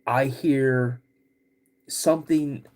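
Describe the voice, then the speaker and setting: A podcast host telling a personal story in a halting, casual way, with many restarts. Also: male voice, mid-range voice, steady tone, darkish tone.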